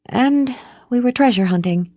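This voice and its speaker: A woman voicing a spoiled, glamorous young woman in an audiobook, speaking in a high, pouting voice. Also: lively intonation, a little slow, dark tone, no room sound.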